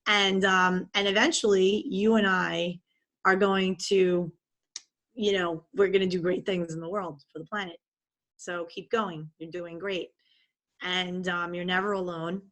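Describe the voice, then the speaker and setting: A woman voicing her own divine higher self, a soft female presence that speaks in a gentle, reassuring and tender way. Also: flat delivery, measured pace. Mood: soothing.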